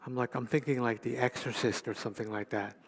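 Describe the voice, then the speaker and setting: A man in his fifties preaching a sermon as pastor, animated, swinging between loud emphatic lines and hushed asides. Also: medium pitch, fast talker.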